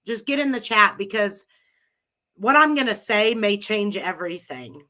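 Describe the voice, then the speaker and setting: Casting note: bright, forceful middle-aged woman with a cold, rambling live host. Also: medium pitch, animated, normal speed. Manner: rambling, chatty, laughs often. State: has a cold. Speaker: live audio room host. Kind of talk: casual chat with listeners.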